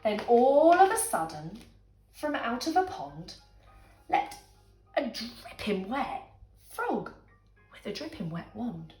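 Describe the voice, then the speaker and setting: A woman reading a bedtime story aloud in a dramatic, animated way, dropping into whispers, in an echoey room with faint music. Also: a little high, slow.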